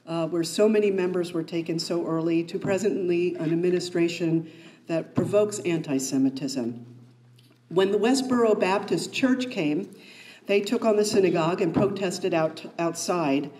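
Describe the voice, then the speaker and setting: A woman giving a prepared introduction to a speaker at a meeting, halting and restarting her words. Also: lowish voice, mellow. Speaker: event host introducing a speaker. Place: meeting room.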